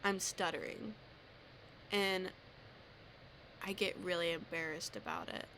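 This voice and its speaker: A woman's voice: lowish voice, steady tone, a little slow, a bit bright, a little hiss or hum. Rambling teen girl, self-deprecating. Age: teens. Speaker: vlogger. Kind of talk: casual rant to camera.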